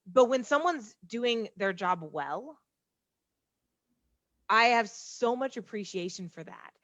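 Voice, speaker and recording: A woman sales trainer explaining her methods in a brisk, confident manner during a casual online conversation. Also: a little high, expressive, a bit bright, dry recording. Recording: dull dry lo-fi call audio.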